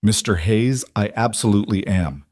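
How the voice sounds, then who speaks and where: A man reading a calm, reassuring wife. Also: fairly low pitch, moderate pace, no room sound, studio quality, lightly acted. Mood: loving. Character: adult woman, warm wife and mother.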